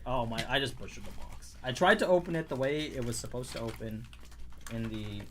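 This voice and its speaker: A man's voice: mid-range voice, moderate pace, fairly bright tone, slight background noise. A Canadian man hosting a casual livestream, chatty and rambling, with a dry cough, often breaking off mid-sentence. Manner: rambling, self-interrupting, chatty. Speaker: livestream host.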